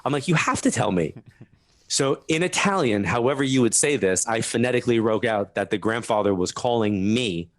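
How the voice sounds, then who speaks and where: A man telling stories as a guest on a radio interview, laughing through them and dropping in quick asides. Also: mid-range voice, no room sound. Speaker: guest medium. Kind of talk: animated storytelling interview.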